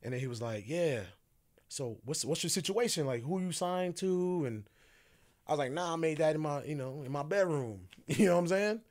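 A man's voice: fairly high pitch, lively intonation, normal speed, darkish tone. A man who is a podcast guest, casually telling a story, acting out the quoted dialogue and laughing often.

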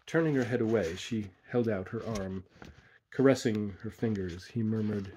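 A man narrating a macabre short story in a measured, hushed dramatic reading. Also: lowish voice, a little hiss or hum.

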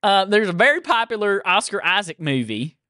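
A man's voice: sits high, big pitch swings, brisk, sharp tone, dry recording, studio quality. A man hosting a casual gaming podcast, upbeat and laughing often as he runs a quiz game. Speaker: podcast host.

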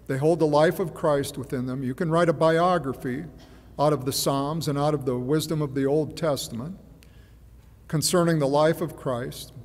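A man's voice: a little high, a little mellow. Man preaching in a reverberant church. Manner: measured, musing, hesitant with fillers and repeats. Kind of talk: sermon.

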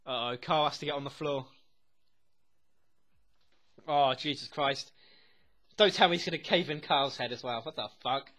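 A young man reacting to a TV episode as he watches. He talks excitedly, swears constantly and often laughs. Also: mid-range voice, normal speed, long pauses. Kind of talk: live reaction commentary.

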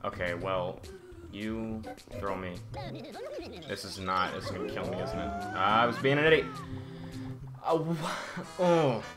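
A man's voice: lowish voice, measured pace, long pauses. A man giving let's-play commentary, easily frustrated, exclaiming and grumbling at the game as he plays. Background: game music.

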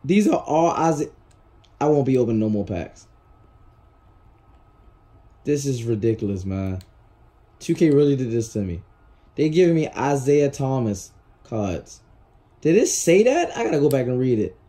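A man's voice: mid-range voice, expressive, moderate pace, pauses often, dark tone. A man hosting his own gaming channel, ranting and swearing in casual commentary. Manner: frustrated, ranting, swears a lot.

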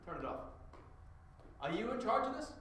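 A man improvising comedic bits for green screen clips. He swings between mocking shouts and low, deadpan muttering, and he swears. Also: moderate pace, slight background noise. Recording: very echoey room.

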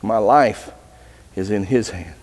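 A man's voice: lowish voice, takes it slowly, darkish tone, breathy edge, big-room sound. A man preaching as a pastor, earnest, telling a story with voices. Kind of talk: sermon. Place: church sanctuary.

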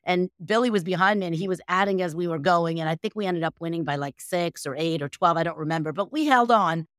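A woman's voice: fairly low pitch, fast, no room sound, clean studio sound. A woman from the United States, a guest on an interview show, answering casually and rambling with lots of fillers and restarts. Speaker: guest, bridge champion.

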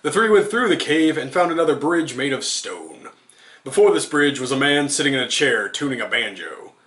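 A man's voice: medium pitch, very animated, normal speed, a bit bright. A man reading an absurd comic story aloud, amused and giggling through it. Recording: roomy echo.

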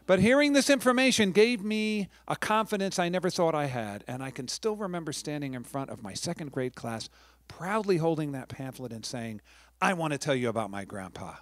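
رجل يروي قصة بحماس أمام جمهور. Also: male voice, a little high, dry recording. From New York. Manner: chatty, warm asides with chuckles and restarts. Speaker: storyteller giving a public talk. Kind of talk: storytelling talk to a live audience.

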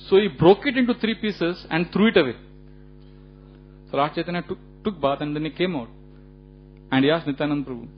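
A man giving a religious lecture, telling stories in an animated way with frequent chuckles and casual fillers. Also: on the high side, fairly quick, long pauses. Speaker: speaker giving a temple lecture. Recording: dull lo-fi recording with faint hum.

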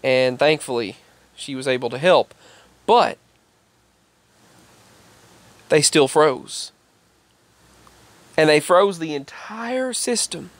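A man with a fairly high voice tells a rambling personal story to the camera, going over the same points again and again. The sound is dry and close, with little room in it. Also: lively intonation, slow pace, long pauses, dry recording. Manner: rambling, repeats himself, quotes others in a raised voice. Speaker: vlogger. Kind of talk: casual storytelling monologue.

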